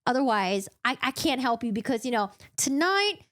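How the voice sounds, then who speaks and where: Frantic fae dude yelling at his friend, rushed, girl doing it. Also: a little high, big pitch swings. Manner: loud, rushed scolding. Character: frantic, exasperated fae man scolding a friend.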